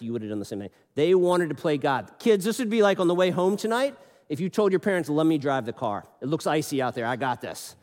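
Animated man preaching in a reverberant hall. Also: high voice. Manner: conversational, animated storytelling with quick asides to kids. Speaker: pastor. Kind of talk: sermon.

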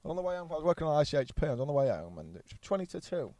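A man's voice: a little high, sing-song, racing, mellow, no room sound. Man in his thirties, podcast guest, rambling and sweary, dry close sound. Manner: blunt, swears freely, rambling anecdotes. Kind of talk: casual storytelling chat.

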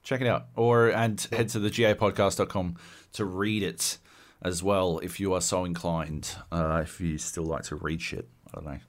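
A low-pitched man speaking at normal speed co-hosts a casual podcast. He rants loosely and animatedly, swearing a lot.

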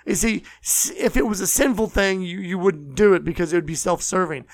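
Earnest high-voiced male preacher. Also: dry recording. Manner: earnest, repeats phrases, slows for emphasis. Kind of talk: sermon.

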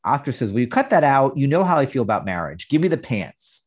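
A man's voice: medium pitch, very animated. A man co-hosting a casual podcast, recapping an episode by reading out its dialogue. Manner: reads out dialogue in a brisk recap. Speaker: podcast co-host.

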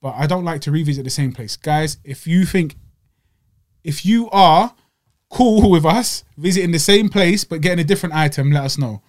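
A young man co-hosting a podcast, telling stories in casual slang and getting louder as he gets riled up. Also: a little high, moderate pace. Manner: animated storytelling with slang, voices rising when riled. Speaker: podcast co-host. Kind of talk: casual chat. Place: small home studio.

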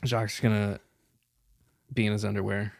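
A man's voice: on the low side, little pitch movement, normal speed, gravelly, no echo, clean studio sound. A man playing a tabletop role-playing game, narrating his character's actions with giggly, playful banter. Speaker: player. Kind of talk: tabletop role-play session.

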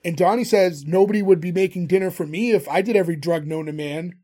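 High-voiced man recapping a show. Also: quick pace, warm tone. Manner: storytelling, recaps episodes. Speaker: podcast co-host. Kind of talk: casual chat.

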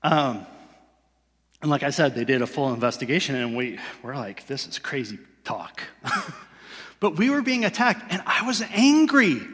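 A man's voice: a little high, animated, moderate pace, long pauses, a bit bright. Man preaching in an echoing hall. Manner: conversational, self-deprecating, laughs often. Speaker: pastor. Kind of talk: sermon. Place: church sanctuary. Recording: long reverb of a large hall.

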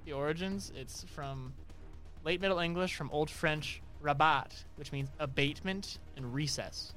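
A young man hosting a casual podcast game, animated and quick to laugh. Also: fairly high pitch, faint music behind. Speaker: host.

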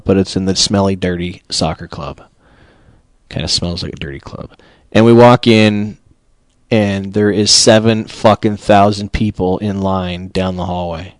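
Host, male, low voice, profane comic ranter who climbs to shouting, dry studio mic. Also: dry recording. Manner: swears constantly, rising into shouted outrage. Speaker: podcast host. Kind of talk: profane comedic rant. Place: small studio booth.

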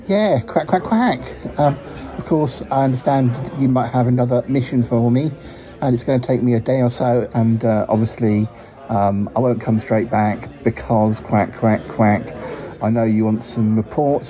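A man whose mellow, mid-range voice stays close to his everyday one plays a good-natured talking duck reporting on his travels. In this comic monologue the duck chats, rambles, giggles and tacks on quacks.

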